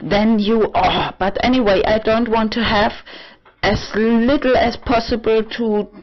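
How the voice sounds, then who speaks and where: Slow, rambling woman with halting speech. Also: fairly even intonation. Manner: halting and digressive, with many fillers and restarts; slips into shrill high sarcastic outbursts. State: tipsy. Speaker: vlogger. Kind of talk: rambling personal monologue. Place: home apartment. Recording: dull lo-fi home recording.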